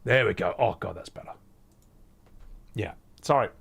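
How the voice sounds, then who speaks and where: A man's voice: lowish voice, animated, moderate pace, creaky, fairly bright tone, breathy edge. A man chatting casually on a live stream, opinionated and sweary, with frequent asides.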